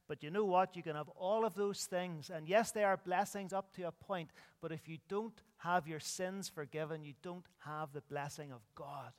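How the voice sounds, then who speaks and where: A man's voice: sits high, normal speed, few pauses, big-room sound. A man preaching an earnest sermon as pastor, his voice rising and dropping with emphasis. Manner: earnest preaching with sweeping rises and drops.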